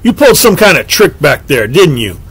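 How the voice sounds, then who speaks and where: A man's voice: fairly high pitch, sing-song, moderate pace, a bit bright, slightly rough, no room sound, heavily acted. A man voicing Bill, a stubborn squawking boy. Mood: indignant. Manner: squawking, blunt complaints. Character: stubborn, skeptical boy, blunt and indignant.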